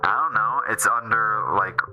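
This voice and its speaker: Lowish bright guy rambling on his game stream, lots of restarts. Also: a little slow, poor audio. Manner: rambling, self-interrupting, restarts often. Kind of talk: casual game stream chat.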